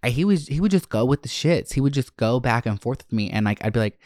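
A man hosting a podcast, telling stories in a brash, profane, animated way and acting out quotes. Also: medium pitch, fast talker, no echo, clean studio sound. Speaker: podcast host. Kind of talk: casual storytelling chat.

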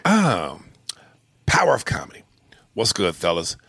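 A man with a low, gravelly voice and a bright, cutting edge, chatting crudely on a comedy podcast. He reads listener mail and jokes around, recorded close and dry. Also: wildly swooping pitch, a little slow, no room sound. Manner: crude, joking, slips into voices. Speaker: podcast co-host. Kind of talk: reading a listener email, casual chat.

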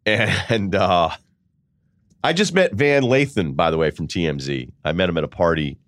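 A man's voice: sits low, moderate pace, dry recording, clean studio sound. A man hosting a podcast, telling a story casually, laughing and quoting people as he goes. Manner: animated, laughing, quotes people in voices. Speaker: podcast host.

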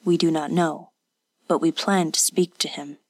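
A woman voicing a calm, watchful male village official who speaks in a measured, firm way in an audiobook. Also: low-pitched, no room sound.

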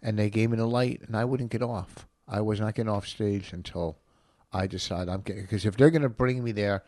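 A man's voice: lowish voice, brisk, darkish tone, no echo. Insistent, lecturing man comedian, dry sound. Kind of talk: casual podcast chat.

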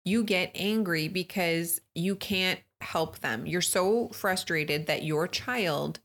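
A woman co-hosting a podcast, talking casually with a fairly low voice. She teases in an animated way. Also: takes it slowly. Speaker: podcast co-host. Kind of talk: casual chat.

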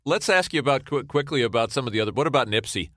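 A man's voice: medium pitch, lively intonation, rapid-fire, fairly bright tone, no room sound, clean studio sound. A man co-hosting a podcast, asking a guest questions in an enthusiastic, trivia-minded way. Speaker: podcast co-host. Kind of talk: casual interview chat.

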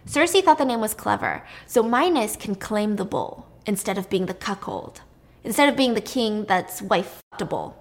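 A woman's voice: medium pitch, animated, normal speed. A woman casually retelling a myth in a chatty, irreverent way, swearing now and then. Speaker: storyteller.

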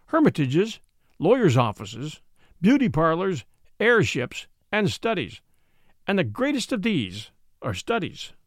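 A man narrating a classic short story with an expressive, wry delivery. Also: a little high, dry recording, clean studio sound. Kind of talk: dramatic story reading.

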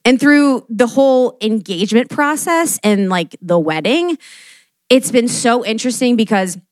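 A young adult woman with a fairly high, darkish, expressive voice does an unhurried stand-up comedy monologue with no echo. She's casual and profane, swearing often, filling her speech with "like," and acting out quotes.

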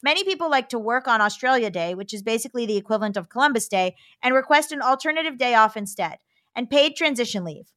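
A woman's voice: fairly high pitch, lively intonation, quick pace, a bit bright, no echo, clean studio sound. A woman co-hosting a podcast, reading listener letters aloud and riffing with a laugh between them.

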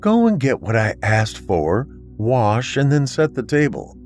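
A man's voice: mid-range voice, sing-song, a little slow, a little mellow, faint music behind, pitched above the performer's own voice. A man voicing a cold, menacing middle-aged mother who speaks in a sing-song voice with icy sweetness.

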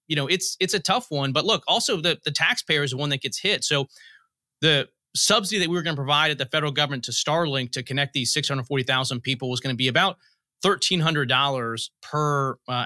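A man's voice: on the high side, pushed and bright, dry recording, clean studio sound. A man being interviewed as a guest on a podcast, explaining policy and telling analogies as he goes. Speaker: guest, federal commissioner. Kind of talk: interview answers.

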